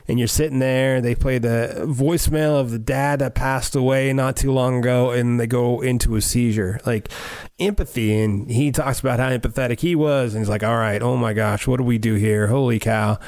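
A man's voice: medium pitch, a little mellow, smooth, no room sound. A man hosting a podcast, recapping a guest's story conversationally. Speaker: podcast host. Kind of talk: casual commentary.

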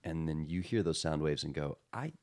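Deep gravelly man, 30s, thoughtful chatty podcast guest. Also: a little mellow. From Texas. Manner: reflective, self-deprecating, quick to mimic voices. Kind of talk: casual chat. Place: room in a house.

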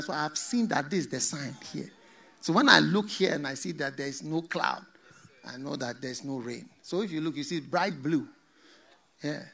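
A man's voice: on the high side, bright, forceful tone. A man preaching a sermon, telling a story dramatically with joking asides.

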